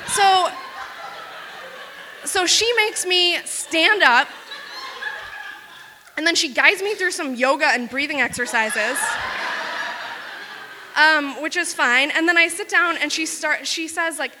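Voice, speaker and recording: A woman from Wisconsin telling a self-mocking story on stage, fast and full of "like". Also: sits high, big-room sound, noisy background. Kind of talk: live comic storytelling.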